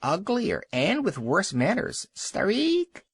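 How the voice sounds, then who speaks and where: A man's voice: high-pitched, huge pitch swings, takes it slowly, breathy edge, dry recording, clean studio sound, voice pushed up, exaggerated voice. A man voicing a rude, mocking sea gull in a storybook, screeching shrilly.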